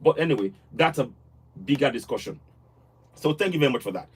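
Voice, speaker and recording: A man's voice: mid-range voice, expressive, brisk, husky. A man hosting a live call-in show, talking earnestly with frequent restarts and repeated words. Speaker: livestream host.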